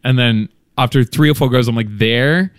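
A man's voice: mid-range voice, steady tone, fast, no echo, clean studio sound. A man from Australia with a partly Americanized Australian accent, chatting casually as a podcast guest, rambling and self-mocking. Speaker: guest, skydiver.

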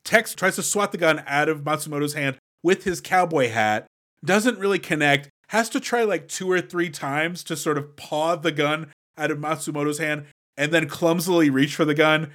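A man's voice: on the high side, normal speed, a bit bright. Sarcastic podcast co-host man. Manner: dry, sarcastic mockery. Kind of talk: casual movie-review chat.

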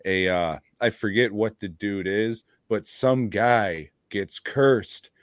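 Low-voiced guy swearing his way thru a slow rambly podcast chat, dry close sound. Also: no room sound. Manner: profane, rambling, laid-back. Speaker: podcast co-host. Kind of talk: casual chat.

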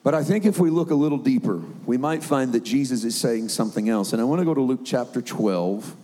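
A man's voice: medium pitch, fairly quick, warm tone, long reverb tail. A middle-aged man preaching a sermon in a conversational way, sometimes acting out the voices he quotes.

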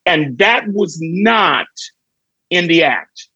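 Man, middle-aged, from Chicago, comedian guest, storytelling, acts out quotes, raspy, fairly high voice. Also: takes it slowly, dry recording, muffled recording. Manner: lively anecdote teller who acts out quoted dialogue. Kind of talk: casual podcast storytelling.

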